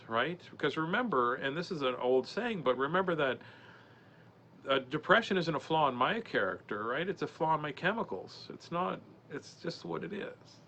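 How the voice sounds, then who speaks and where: A man in his forties, a comedian guest on a podcast, telling a personal story in an earnest, halting way with many restarts. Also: a little high, expressive, bright, forceful tone. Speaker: podcast guest, comedian and mental health speaker. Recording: dull lo-fi sound with faint noise.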